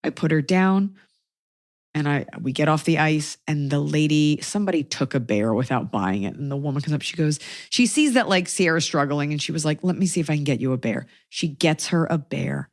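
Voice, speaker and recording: A woman's voice: sits low, animated, moderate pace, dry recording, studio quality. A woman in her thirties hosting a podcast, telling a comic story in a sarcastic, exasperated way. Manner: sarcastic, exasperated anecdotes with quoted asides. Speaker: podcast host. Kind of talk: comedic storytelling chat.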